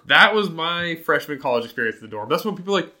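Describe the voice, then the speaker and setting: A young man telling a story in casual chat, animated and full of fillers. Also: fairly high pitch, quick pace.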